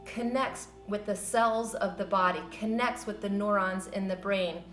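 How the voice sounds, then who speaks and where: A woman teaching a yoga class, guiding breathing and stretches in a gentle, encouraging, loosely conversational way. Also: mid-range voice, fairly even intonation, a little slow. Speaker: yoga instructor. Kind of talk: guided yoga class instruction. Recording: roomy with soft music behind.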